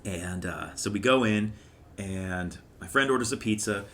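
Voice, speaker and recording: A young man and podcast co-host telling a story casually, animated and often laughing. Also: on the low side, measured pace.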